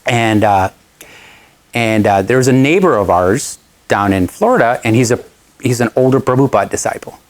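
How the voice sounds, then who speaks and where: A man speaks to an audience as a guest, telling a long personal story. His voice sits in an ordinary middle pitch. He talks in a loose, chatty, animated way and breaks into laughter often. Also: moderate pace.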